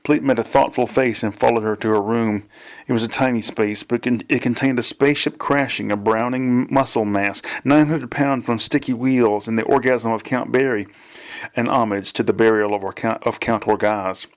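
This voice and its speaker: A man, the author, reading his novel aloud in a plain, measured way. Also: medium pitch, steady tone.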